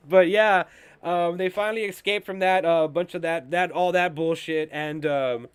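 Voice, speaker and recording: Excitable foul-mouthed man recapping a show. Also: a little high, moderate pace, clean tone, no room sound. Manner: profane, rambling, excitable, heavy filler words. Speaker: show host and reviewer. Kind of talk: casual recap and review.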